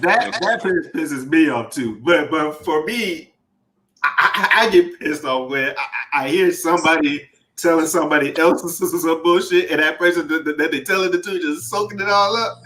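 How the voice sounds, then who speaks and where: High-pitched man, exasperated and laughing. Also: moderate pace, sharp tone. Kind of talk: casual chat.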